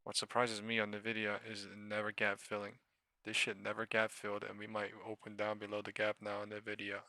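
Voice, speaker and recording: A man's voice: fairly low pitch, completely flat delivery, a little fast, vocal fry, sharp tone, no echo. A man live-streaming his stock trades, talking casually with heavy swearing and exasperated rambling.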